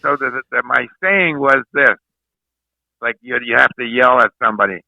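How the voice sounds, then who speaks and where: A man's voice: medium pitch, moderate pace, vocal fry, dry recording, dull audio. An older man telling stories from his youth as a guest, rambling and repeating his words. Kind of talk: rambling storytelling.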